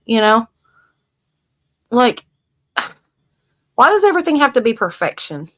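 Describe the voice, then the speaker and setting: A woman from the American South co-hosting a live stream, telling stories in animated casual chat and swearing freely. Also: fairly high pitch, slow pace.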